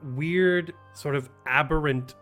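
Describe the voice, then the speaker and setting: A man's voice: fairly high pitch, fairly bright tone, faint music behind. A man narrating a tabletop game as game master, with many ums and restarts. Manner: halting, full of ums and restarts.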